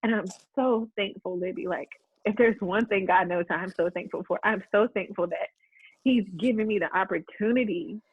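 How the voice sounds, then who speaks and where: A woman's voice: mid-range voice, moderate pace, breathy edge, dry recording, narrow, tinny audio. A woman hosting a casual faith chat, talking in a heartfelt, earnest way with many restarts. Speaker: host.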